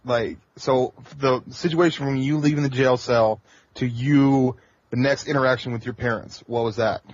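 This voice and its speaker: A man's voice: mid-range voice, steady tone, moderate pace. A young man co-hosting a podcast, joking bluntly and swearing casually in loose banter. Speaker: podcast co-host. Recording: dull lo-fi podcast audio.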